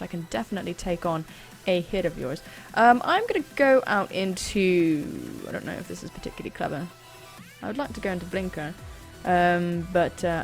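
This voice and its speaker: A woman hosting a gaming channel, chatting through a live battle in a self-deprecating way. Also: mid-range voice. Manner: chatty, self-deprecating, sudden excited screams.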